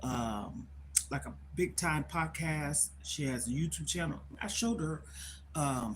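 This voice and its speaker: A woman's voice: deep voice, a little hiss or hum. A middle-aged woman talking candidly on a live stream from her phone. She is worried and close to tears, and she rambles and repeats herself. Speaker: livestreamer.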